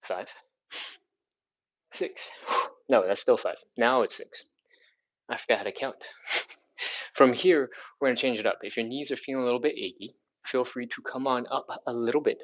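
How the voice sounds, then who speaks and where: Breathless, encouraging male fitness instructor, mid-pitched, muffled lo-fi livestream audio. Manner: upbeat, encouraging, counts reps aloud. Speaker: live stretching instructor. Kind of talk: live workout instruction.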